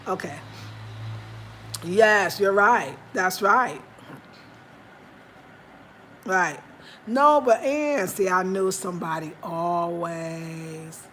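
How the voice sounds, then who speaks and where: An American woman chats on a casual livestream, spinning stories for her viewers in an even, mid-pitched voice. She keeps jumping into high, animated little cries when she acts out what other people said. A faint hum of ambient noise sits behind her. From United States. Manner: animated storytelling, acting out quotes in high cries; chatty, talks straight to viewers. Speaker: livestream host.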